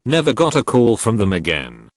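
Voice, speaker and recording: A man's voice: mid-range voice, sing-song, normal speed, dry recording. A man's voice, possibly computer-generated, reading online posts as a matter-of-fact narration and spelling out symbols and acronyms literally. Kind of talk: scripted narration.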